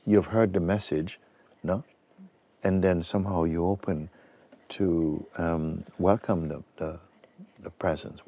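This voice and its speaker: Man, spiritual teacher, very low voice, husky, slow reflective talk. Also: warm tone. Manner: slow, reflective, with pauses and restarts.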